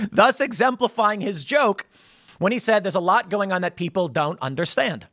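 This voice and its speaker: An American man hosting a political commentary show, telling stories in a rambling, animated way with frequent restarts and laughs. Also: high-pitched, measured pace, dry recording, studio quality. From United States. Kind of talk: casual political commentary monologue.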